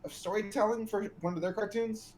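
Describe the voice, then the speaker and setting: Enthusiastic podcast dude, kinda high voice, stops and restarts a lot. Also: male voice, fairly even intonation, brisk, a crowd in the background. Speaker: podcast co-host. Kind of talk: casual chat.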